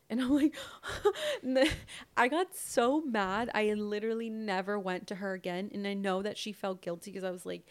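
Animated young woman telling a story. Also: medium pitch, normal speed. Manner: animated storytelling, acting out both sides of a conversation. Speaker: podcast co-host. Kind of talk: casual chat.

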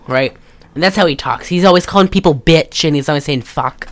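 Low-voiced woman rambling through a movie recap. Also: a little fast. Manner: rambling, profane, lots of fillers. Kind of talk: casual movie recap chat.

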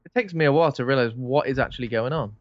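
A man's voice: mid-range voice, very fast, no room sound. A man, co-hosting a casual film chat, rambling and swearing freely as he acts out bits of dialogue. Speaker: podcast co-host. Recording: dull dry lo-fi sound.

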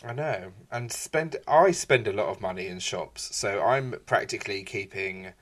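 Quipping man with a lowish voice. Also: a bit bright. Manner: quick reactive quips and questions. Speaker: podcast co-host. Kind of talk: casual chat.

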